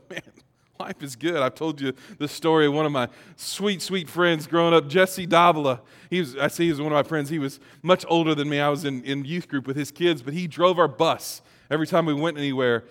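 A pastor giving a sermon in a conversational way that builds to emphatic peaks. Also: male voice, a little high, brisk, fairly bright tone, long reverb tail.

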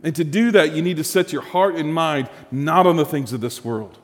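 A male pastor preaching a sermon with lively rhetorical questions to his congregation. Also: on the high side, moderate pace, hardly any pauses, in a large hall.

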